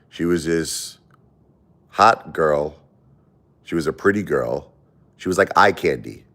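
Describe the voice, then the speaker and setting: A man's voice: very deep voice, expressive, moderate pace, long pauses, fairly bright tone. A middle-aged man hosting a livestream, talking in a rambling, repetitive, confessional way and often repeating himself. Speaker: livestream host. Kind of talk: emotional livestream monologue.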